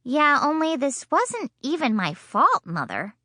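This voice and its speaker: A woman voicing a loud, excitable little first-grade girl who whines and shrieks dramatically. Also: sits high, a little slow, no echo, studio quality, pitched above the performer's own voice, exaggerated voice. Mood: pleading.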